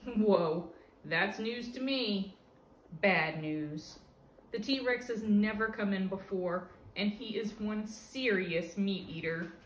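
A woman reading a picture book aloud to a child in a lively, expressive way, at home. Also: medium pitch, slow pace, slight background noise. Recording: roomy echo with faint ambience.

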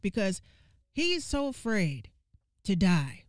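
A woman giving casual gaming commentary, ranting in an animated, profane and exasperated way and repeating lines for emphasis. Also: on the high side, measured pace, dry recording, studio quality.

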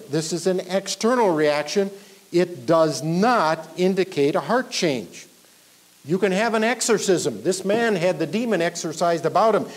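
A man preaching a verse-by-verse sermon as pastor, building up with emphasis and then dropping low at the ends of lines. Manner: teaching verse by verse, emphatic rises, trailing off low at line ends. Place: church sanctuary.

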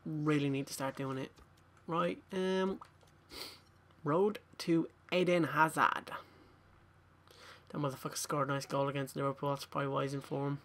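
A man's voice: fairly high pitch, fairly even intonation, normal speed, fairly bright tone. A young man commentating a game pack opening, tired and swearing as he mutters to himself. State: tired, yawning. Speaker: gaming YouTuber.

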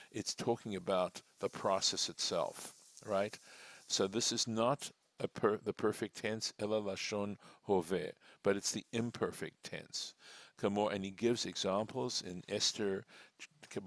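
A man's voice: lowish voice, dry recording. A man teaching a text class as a rabbi, reading lines aloud and then translating and explaining them patiently. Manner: deliberate, with frequent fillers and restarts. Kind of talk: slow, methodical text study.

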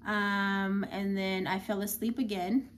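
Young mom chatting casually, lots of ums and likes, mid pitch, faint hiss behind. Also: female voice, little pitch movement, slow pace. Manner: chatty, many filler words. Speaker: new mother. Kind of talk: casual personal storytelling.

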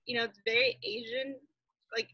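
A woman chatting casually in a playful, animated way. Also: on the high side, moderate pace, husky, no room sound, highs cut off. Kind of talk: casual chat.

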